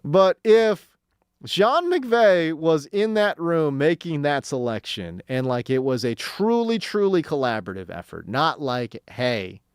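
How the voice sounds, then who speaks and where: Lively male sports radio host, animated pitch, dry close studio mic. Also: unhurried, clear, resonant tone, no echo. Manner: excitable, laughs often, swings from loud to low.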